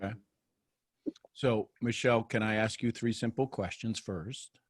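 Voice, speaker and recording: A man hosting a live group call, coaching a caller and gently asking her permission before he guides her. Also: fairly low pitch, fairly even intonation, a little slow, no echo, clean studio sound. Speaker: host and coach.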